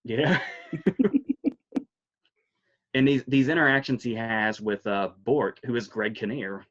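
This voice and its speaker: A man co-hosting a podcast in casual chat, laughing often and talking in an animated, rambling way. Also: medium pitch, slow pace, dull audio. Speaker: podcast co-host. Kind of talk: casual chat about films.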